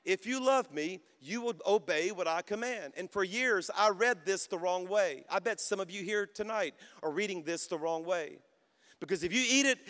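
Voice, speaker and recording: A man's voice: sits high, sharp tone, clean tone. A man in his fifties preaching a sermon, exhorting the crowd with call-and-response. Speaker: pastor. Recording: long hall reverb.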